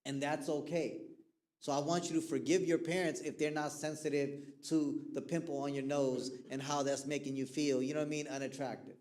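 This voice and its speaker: A man with a somewhat high voice gives a relaxed, conversational talk to a youth group on mental health. He keeps checking in with his listeners as he goes, and he tells stories vividly, acting out the voices of the people he quotes. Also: a little fast. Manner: animated storyteller who acts out quoted people.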